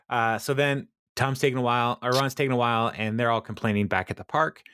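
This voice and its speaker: A man's voice: medium pitch, fairly quick, a bit bright, smooth, no room sound, studio quality. A man casually recapping a sitcom episode, rambling, laughing often and acting out quotes. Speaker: podcast co-host.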